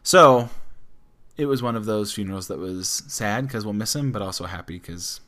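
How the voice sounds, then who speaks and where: A man's voice: on the low side, normal speed, fairly bright tone. A man in his thirties co-hosting a family podcast in casual chat, easygoing and joking. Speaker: podcast co-host.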